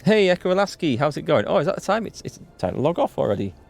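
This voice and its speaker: A man hosting a live game playthrough, chatty and excitable, greeting viewers in chat. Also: fairly high pitch, fast, creaky. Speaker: let's play host. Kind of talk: live gameplay commentary. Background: faint game music.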